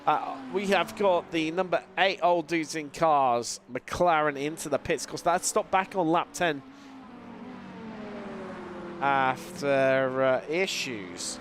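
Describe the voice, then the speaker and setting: A man calling a sim race as a live commentator. He has a lingering cold, talks in a lively play-by-play with fillers and mid-sentence restarts. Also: fairly high pitch, takes it slowly. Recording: voice over loud race car noise. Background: racing car engine sounds.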